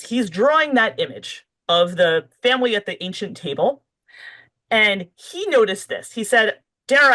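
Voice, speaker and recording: Over a rough recording, a low-pitched, slightly bright female voice belongs to an author guesting on a podcast. She talks conversationally, loosely, with plenty of fillers and restarts.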